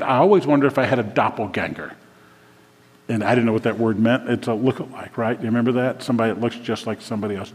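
A man preaching a sermon as pastor, chatty and loose at times, then building to emphatic declarations. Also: medium pitch. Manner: conversational, shifts to emphatic declarations. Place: church sanctuary. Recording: long reverb of a church hall.

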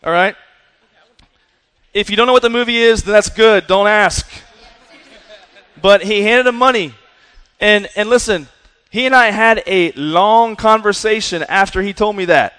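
A man with a high, lively voice preaches to young people, driving his points home with a conversational energy. His talk carries the long reverb of a large hall. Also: a little slow, long pauses, clean tone. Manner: energetic, repeats "right?" and "listen". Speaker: youth pastor.

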